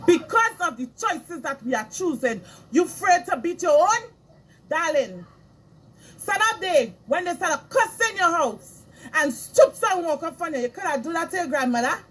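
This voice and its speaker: A woman's voice: very high voice, lively intonation, normal speed, fairly bright tone. A middle-aged woman, delivering an impassioned moral lecture as a spiritual speaker, scolding and emphatic, repeating her phrases for weight.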